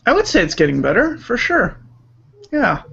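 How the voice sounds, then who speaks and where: High-voiced man hosting a laid-back stream. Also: huge pitch swings, moderate pace, gravelly, a bit bright, slightly rough. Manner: easygoing, reads viewer comments aloud. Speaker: streamer host reading chat questions. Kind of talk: casual live-stream chat about drawing. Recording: lo-fi voice-chat audio.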